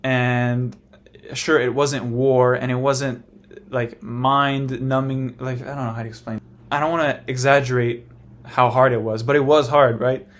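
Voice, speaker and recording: Young guy rambling to camera, super casual, lots of likes, mid pitched. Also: little pitch movement, unhurried. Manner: rambling, frank, full of fillers. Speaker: vlogger. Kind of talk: casual personal monologue.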